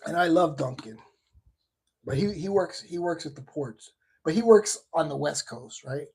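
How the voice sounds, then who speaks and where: A man chats loosely on his own livestream, wandering between topics and restarting his sentences often. His voice is mellow and dark, with a husky edge. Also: on the high side, animated, normal speed. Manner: rambling, with many restarts and asides. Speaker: shaving livestream host. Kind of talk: casual live chat.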